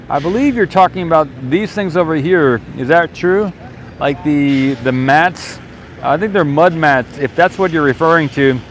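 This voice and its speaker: A man's voice: on the high side, a little hiss or hum. A man live streaming outdoors at a launch site gate, reading viewer comments aloud and answering them. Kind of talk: casual live-stream chat. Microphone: handheld mic.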